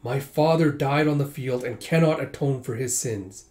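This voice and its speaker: A man's voice: mid-range voice, moderate pace, darkish tone, close to an everyday voice. Brief: man doing a solemn young nobleman, formal and dutiful; storybook reading.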